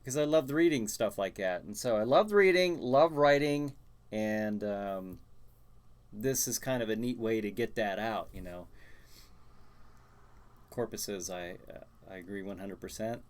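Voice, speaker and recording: A man's voice: on the low side, a little slow. A man hosting a live stream, chatting casually and answering viewer comments, with many restarts and fillers. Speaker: host.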